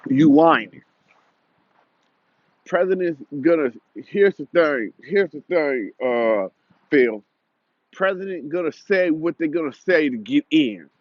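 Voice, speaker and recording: A man's voice: fairly high pitch, lively intonation, unhurried, no echo, highs cut off. A young man delivering a heated, repetitive, confrontational commentary rant.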